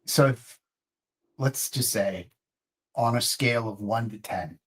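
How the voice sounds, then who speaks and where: A man's voice: mid-range voice, slow pace, a bit bright. A man, podcast co-host and military veteran, chatting casually and asking questions. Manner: asks questions, frequent short agreements.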